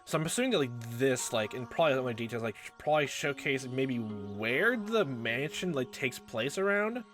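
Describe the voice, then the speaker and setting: Wry let's-play host with lively pitch. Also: normal speed, faint music behind. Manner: casual and wry, with rambling asides. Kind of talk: reading a visual novel aloud with commentary.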